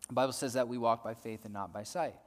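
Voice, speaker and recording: A male preacher giving a sermon, swinging between loud emphasis and soft hushed lines, often repeating words as he builds a point. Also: medium pitch, fairly even intonation, quick pace. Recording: long hall reverb.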